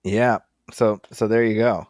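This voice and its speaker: A man co-hosting a film podcast in casual chat, making wry deadpan jokes with stammered restarts, on a close studio mic. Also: fairly low pitch, a little slow, dry recording. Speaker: podcast co-host.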